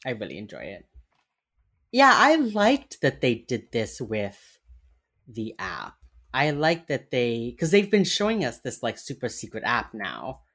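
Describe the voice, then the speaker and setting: A woman's voice: a bass voice, wildly swooping pitch, unhurried, fairly bright tone, breathy edge. A woman co-hosting a casual recap podcast, retelling scenes and slipping into characters' lines with frequent laughs. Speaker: podcast co-host recapping a TV episode. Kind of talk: casual chat.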